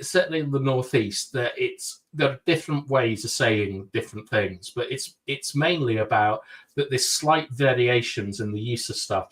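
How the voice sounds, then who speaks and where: A man's voice: mid-range voice, a bit bright, far from the mic. A man co-hosting a casual podcast chat, making dry, sarcastic jokes. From North East England. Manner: dry, joking, with sarcastic asides. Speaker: podcast co-host.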